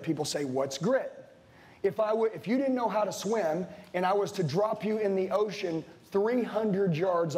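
A man with a high-pitched voice delivers a fired-up sales seminar. He is blunt and preachy, swears casually, and keeps turning to the crowd in front of him. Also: a little mellow. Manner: intense, preachy, swears casually, addresses the room directly. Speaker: sales trainer. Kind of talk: motivational seminar speech. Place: room with a live audience.

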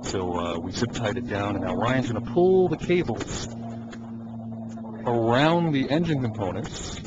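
A man's voice: mid-range voice, unhurried. A man giving an easygoing, hands-on demonstration beside a car engine, coaching helpers and chuckling often. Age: adult. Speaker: conversion kit installer. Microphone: camcorder microphone. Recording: dull lo-fi camcorder audio with steady noise.

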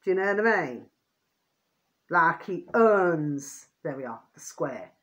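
Rambling woman vlogger, lowish voice. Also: expressive, slow. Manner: rambling, repeats pet phrases, asks "do you see what I mean"; irritated, venting. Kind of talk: rambling casual monologue to viewers.

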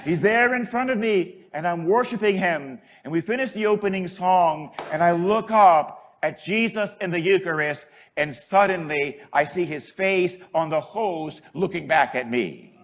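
A man preaching as a priest, emotional, moving from hushed, soft lines to shouted passages. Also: sits high, measured pace, few pauses. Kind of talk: sermon.

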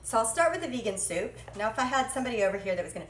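Woman cooking-show host, bright and chatty, self-deprecating, slightly high voice, echoey kitchen. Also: lively intonation, fast, few pauses, slight background noise. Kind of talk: live cooking stream chat. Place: home kitchen. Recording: echoey kitchen with faint clatter.

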